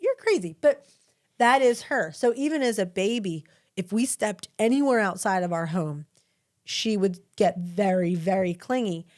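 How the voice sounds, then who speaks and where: 30s mom cohosting a podcast, chatty and animated, laughs a lot, medium voice. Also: female voice, mid-range voice, unhurried. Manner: animated storyteller, laughs often. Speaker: podcast co-host. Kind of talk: casual chat.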